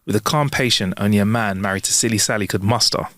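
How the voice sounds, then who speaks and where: A man's voice: lowish voice, quick pace, dry recording. Guy on a podcast cracking jokes and laughing a lot, dry close sound. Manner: giggly, jokey, animated banter. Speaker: podcast co-host. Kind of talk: casual joke-swapping chat.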